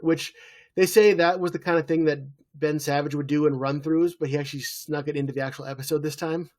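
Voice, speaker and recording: A man's voice: a little high, steady tone, fairly quick, darkish tone. A man in his thirties co-hosting a podcast, recapping a TV episode in casual chat and acting out quoted lines as he tells it. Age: 30s. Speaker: podcast co-host.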